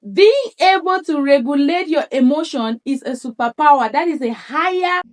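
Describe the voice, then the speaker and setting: A woman's voice: sits high, animated, normal speed. A woman lifestyle coach giving a motivational talk, repeating her points for emphasis and acting out quotes. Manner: acts out others' words in quoted asides.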